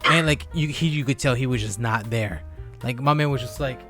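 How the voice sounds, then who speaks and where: A man's voice: medium pitch, a little fast, faint music behind. A young man telling a story in casual podcast chat, swearing freely and packing his talk with fillers. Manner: profane, animated storytelling with many fillers. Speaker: podcast co-host.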